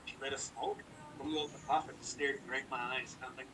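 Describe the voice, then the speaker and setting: Fast-talking man telling a heated story. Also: medium pitch, flat delivery, recorded from a distance, noisy background. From British Columbia, Canada. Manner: profane, rambling, heated. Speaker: podcast co-host. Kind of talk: casual storytelling chat.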